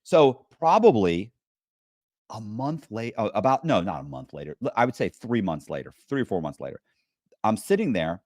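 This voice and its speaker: A man, a podcast guest, telling stories in a casual, profane and animated way. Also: fairly low pitch, moderate pace, dry recording, clean studio sound. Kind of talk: casual storytelling.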